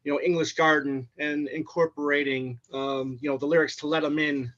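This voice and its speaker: Hesitant co-host on dull call audio. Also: male voice, a little high, flat delivery, normal speed, a bit bright. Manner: hesitant, many fillers. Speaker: podcast co-host. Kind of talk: casual interview questions. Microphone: video call.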